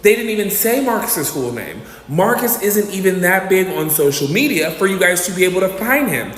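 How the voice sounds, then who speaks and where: Animated man telling a storytime. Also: high-pitched, moderate pace. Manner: animated, dramatic retelling that acts out quotes. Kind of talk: casual storytime commentary. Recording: echoey reverberant room with faint noise.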